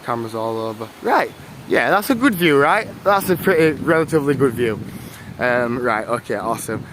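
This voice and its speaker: A man's voice: medium pitch, lively intonation, normal speed, a little hiss or hum. A young man with a northern English accent, chatting casually to viewers while walking outdoors on a livestream. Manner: chatty, rambling, thanks viewers warmly. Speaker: live-streamer. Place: outdoors walking through a town. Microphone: handheld phone camera.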